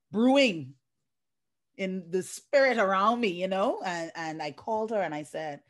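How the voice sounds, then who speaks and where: A middle-aged woman from the Bahamas, a life coach and guest, telling a personal story with feeling, acting out what others said, over a video call. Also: medium pitch. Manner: emotional, animated retelling with acted-out quotes.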